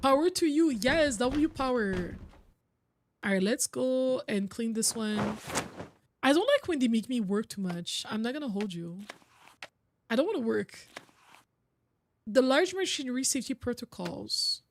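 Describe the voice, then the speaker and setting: A woman's voice: a little high, animated, a little slow, pauses often, slight background noise. A young woman streaming a video game, chatting casually and rambling with frequent laughs. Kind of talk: casual gameplay commentary.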